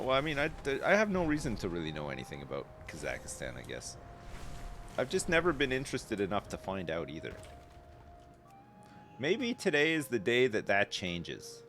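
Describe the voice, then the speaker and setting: A man's voice: lowish voice, noisy background. A man in his thirties chatting casually with viewers as a game streamer, rambling loosely from thought to thought. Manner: rambling, chatty, answers chat, swears casually. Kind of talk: casual live-stream chat while gaming. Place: home streaming setup.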